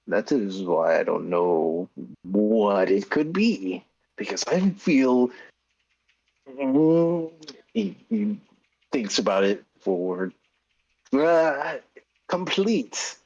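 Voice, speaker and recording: Male player, slow pensive delivery, husky, lively pitch. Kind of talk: in-character tabletop play. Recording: dull, lo-fi sound.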